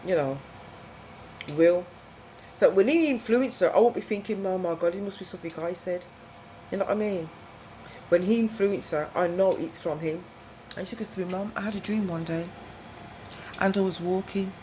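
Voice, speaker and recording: A woman's voice: medium pitch, darkish tone, poor audio. A middle-aged woman talks straight to camera in a loose, wandering monologue. She keeps drifting between stories and checking in with the listener, her voice in an ordinary middle range. A faint hum of background noise sits under the recording. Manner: chatty, digressive, keeps asking "you know what I mean?". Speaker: vlogger. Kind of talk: rambling personal monologue to camera.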